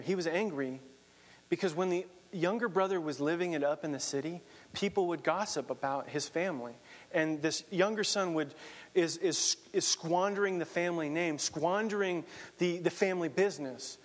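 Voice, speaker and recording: A man's voice: a little high, normal speed, long reverb tail. A man preaching a sermon, earnest, reading scripture aloud and explaining it. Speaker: pastor.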